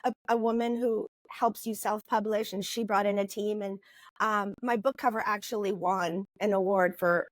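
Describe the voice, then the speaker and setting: A woman in her fifties, a guest author, telling her story in a lively, casual interview with frequent "you know"s. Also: medium pitch, normal speed, dry recording. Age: 50s.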